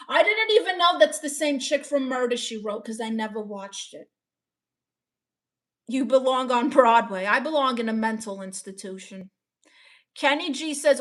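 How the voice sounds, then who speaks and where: A woman's voice: a little high, a bit bright. Playful woman reading live chat. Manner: playful, joking, self-mocking. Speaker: live streamer. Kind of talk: casual live stream chat reading comments.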